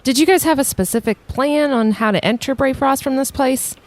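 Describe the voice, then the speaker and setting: A woman's voice: high-pitched, a little fast. A woman playing a tabletop game, chatting in a dry, teasing way. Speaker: player. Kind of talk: casual tabletop game chat.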